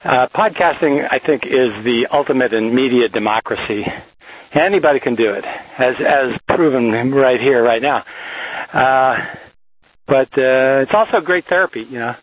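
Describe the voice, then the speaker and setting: A man's voice: mid-range voice, normal speed, rough recording. A man in his fifties, a locksmith, telling dry jokes in a rambling monologue full of fillers into a small handheld recorder. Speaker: locksmith podcaster. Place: driving a van, then hiking outdoors. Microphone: small handheld digital voice recorder.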